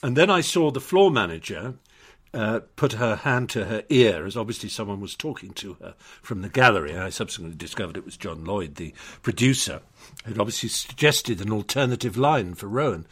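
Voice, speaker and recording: Husky older Englishman telling anecdotes. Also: on the low side, expressive, a little fast, a bit bright. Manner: articulate, anecdotal, with frequent restarts. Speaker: guest. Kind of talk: conversational storytelling.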